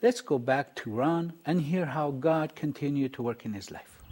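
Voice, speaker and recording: Husky-voiced man narrating a ministry program. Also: fairly high pitch, a little mellow. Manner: measured, reflective, inviting listeners. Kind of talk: scripted narration.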